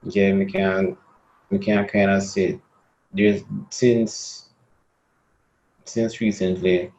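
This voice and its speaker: A young Jamaican man co-hosting a podcast, speaking in a halting way and repeating words as he thinks. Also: deep voice, steady tone, a little mellow. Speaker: podcast co-host. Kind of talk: casual debate chat. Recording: dull lo-fi sound.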